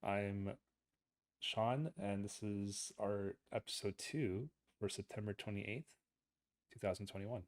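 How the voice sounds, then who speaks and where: A man co-hosting a casual gaming podcast, talking in a halting, sarcastic way. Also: lowish voice. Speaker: podcast co-host. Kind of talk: casual chat.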